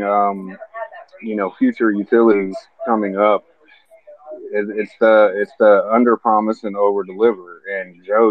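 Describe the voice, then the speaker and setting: A man's voice: fairly low pitch, no echo. A man chatting casually on an online call, speaking steadily with many fillers, over a tinny phone-like line.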